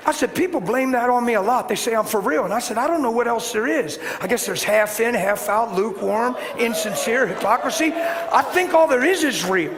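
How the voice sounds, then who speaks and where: Man, preacher, animated storytelling sermon, hall reverb, faint noise. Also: very high-pitched, brisk, a crowd in the background. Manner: animated, acts out voices, builds to shouting.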